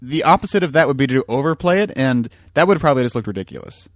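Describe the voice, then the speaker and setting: A man chiming into a casual film commentary with quick interjections. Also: mid-range voice, animated, no echo, clean studio sound.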